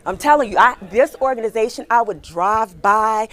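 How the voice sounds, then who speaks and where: A middle-aged woman recruiter with a fairly high-pitched voice runs an energetic career workshop. She talks quickly and chattily, putting questions to her audience.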